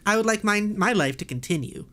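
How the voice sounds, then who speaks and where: A woman's voice: mid-range voice, expressive, fairly quick, a bit bright. Exasperated swearing woman streamer. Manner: exasperated ranting, swears, laughs often. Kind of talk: casual livestream chat.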